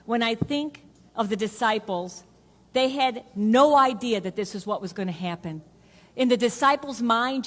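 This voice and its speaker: Woman preaching in a reverberant church. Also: fairly high pitch. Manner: earnest, repetitive preaching cadence that drops to a hush for emphasis. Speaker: pastor. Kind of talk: sermon. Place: church sanctuary. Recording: long hall reverb.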